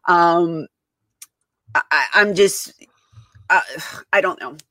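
A podcast host with a lowish, sharp-toned voice speaks slowly in a casual conversation, and there's no echo on the recording. She sounds exasperated and emphatic, repeating words and restarting again and again.

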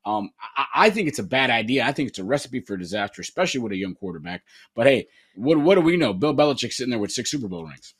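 A man on a sports talk panel, animated, with hesitant restarts. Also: medium pitch, fast talker, few pauses, husky.

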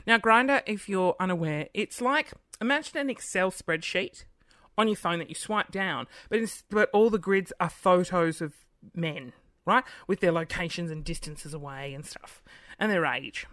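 A woman's voice: fairly low pitch, lively intonation, moderate pace, a bit bright, no room sound, clean studio sound. A thirty-year-old woman hosting a podcast, ranting in an exasperated, casual monologue full of swearing and acted-out scenes, talking at home by her computer. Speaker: podcast host.

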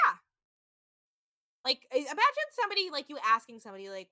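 A woman in her thirties with a fairly high, bright and forceful voice, recapping a show in animated casual chat. She fills her talk with "like" and acts out what others said. The sound is close and dry. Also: fast talker, pauses often, no echo. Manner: animated storytelling, frequent "like", acts out quotes. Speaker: podcast co-host.

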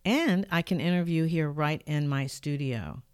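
A woman's voice: low voice, unhurried, smooth, dry recording. An older woman hosting her own podcast from her home studio, telling a personal story in an earnest, reflective way. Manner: earnest, reflective, lively when retelling events. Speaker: podcast host. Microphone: studio microphone.

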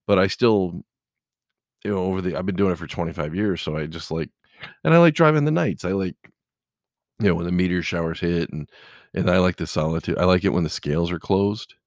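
A man's voice: deep voice, fairly quick, no echo, studio quality. A middle-aged man, a truck driver, chatting casually and telling rambling stories full of "you know". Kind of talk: casual chat.

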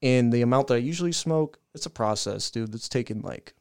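A young man with a smooth, resonant voice in the middle pitch range spins a rambling, swear-laden story for his podcast co-hosts. He talks casually and laughs at himself along the way. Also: brisk. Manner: profane, animated storytelling with laughs. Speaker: podcast co-host.

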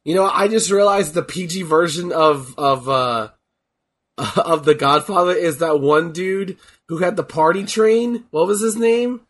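A man co-hosting a casual chat, excitable and swearing freely, his voice cracking from being sick. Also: a little high, a little slow. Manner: excitable, swears, laughs often. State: voice cracking from illness. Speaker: podcast co-host.

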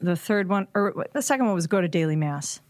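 A woman's voice: lowish voice, animated, quick pace, no room sound. Laughing woman telling a story. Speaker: podcast guest. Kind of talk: casual chat.

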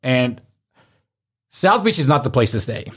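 A man casually telling animated stories among friends, swearing freely and acting out what people said. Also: medium pitch, measured pace, husky. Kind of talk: casual storytelling chat.

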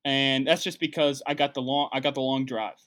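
A man's voice: medium pitch, fairly even intonation, fairly quick, a bit bright. A young man talking casually in a comedic monologue, rambling and self-deprecating. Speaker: comedian hosting a journal podcast.

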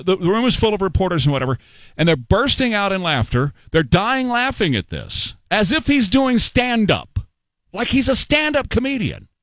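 A man's voice: sits high, fairly bright tone, no room sound. A man hosting a talk radio show, mocking and repetitive as he hectors his listeners, speaking from a studio mic. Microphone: studio microphone.

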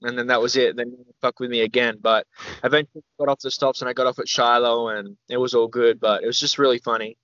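A young Australian man telling a long story as a podcast guest, rambling and animated, full of fillers and the odd swear word. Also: mid-range voice, quick pace, dry recording, muffled recording. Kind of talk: casual storytelling interview.

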